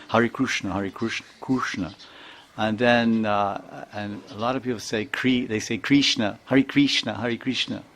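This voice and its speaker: A man's voice: medium pitch, fairly bright tone. An older man giving an informal spiritual talk, chuckling often and repeating words as he sounds them out. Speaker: spiritual teacher.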